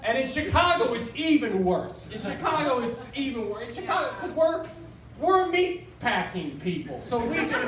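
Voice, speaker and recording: A man's voice: very high-pitched, very animated, normal speed. A man of thirty doing a live stand-up set, rambling and self-deprecating. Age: 30s. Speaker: stand-up comedian. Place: live comedy venue. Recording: echoey room from far off, crowd noise.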